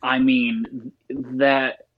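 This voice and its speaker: A man's voice: medium pitch, level tone, extremely slow, dull audio. A man talking as a guest in a casual interview, rambling and laughing often. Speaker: guest, shop owner.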